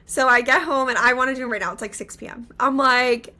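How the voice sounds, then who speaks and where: Casual storyteller, young woman, bright forceful tone, fillers everywhere. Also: high-pitched, fast talker. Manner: animated, many filler "like"s. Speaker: podcast co-host.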